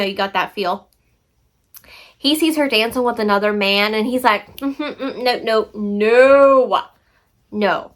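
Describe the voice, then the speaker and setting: A woman's voice: a little high, fairly bright tone. A young woman book vlogger chatting casually and enthusiastically about novels she has read, tripping over words now and then. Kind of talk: casual book review vlog.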